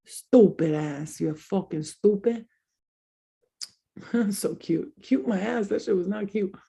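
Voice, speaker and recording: A young woman hosts a casual chat with a husky, breathy voice at a middle pitch. She tells candid, crude stories and laughs often. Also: slow, dark tone. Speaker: host.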